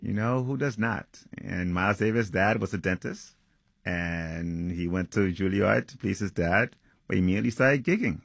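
A novelist talks about his book in an earnest, thoughtful way, pausing often with "um". His voice is very low and husky. The recording is dry and close. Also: dry recording. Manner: earnest and reflective, with frequent "um" pauses. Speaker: author. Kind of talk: interview answers and reading from his novel.

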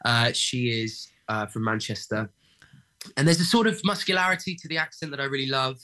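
A young man talks through his thoughts in a relaxed interview. He hesitates often, looping back with ums and restarts before landing his point. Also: medium pitch, brisk. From England. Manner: hesitant, many fillers and restarts. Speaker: actor guest. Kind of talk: casual interview chat.

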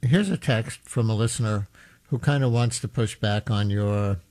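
A man's voice: fairly low pitch, moderate pace, a little mellow. Conversational male radio host. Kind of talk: interview questions.

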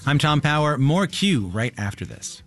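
A man hosting a radio show, reading intros and asking friendly, animated follow-up questions. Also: on the high side, moderate pace, soft background music. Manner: friendly, animated, asks short follow-ups. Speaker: radio host. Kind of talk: radio interview and scripted intro. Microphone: studio microphone.

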